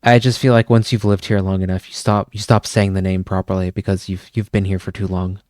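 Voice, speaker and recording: A man's voice: low-pitched, level tone, fairly quick, a little mellow, no room sound, clean studio sound. Casual, swearing man streamer. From Canada. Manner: rambling, swears often, chuckles. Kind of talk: casual chat with stream viewers.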